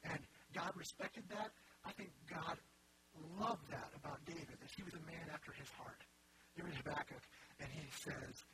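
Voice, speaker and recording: A man's voice: fairly high pitch, moderate pace, very noisy. A man preaching a sermon in an earnest, conversational way, with wry asides.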